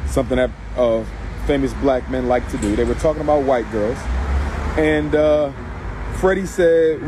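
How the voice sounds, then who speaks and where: A man with a fairly high voice delivers a preachy, impassioned monologue. He repeats his points and keeps addressing the listener as brother. Faint street and car noise runs behind him, as if he is recording outdoors. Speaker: commentator responding to a clip.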